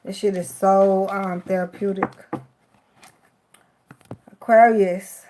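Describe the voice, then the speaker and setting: A woman's voice: medium pitch, fairly even intonation, a little slow, a little hiss or hum. A woman with a Miami accent giving a live tarot reading, affectionate and emotional, cursing casually and sounding teary-eyed. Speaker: tarot card reader.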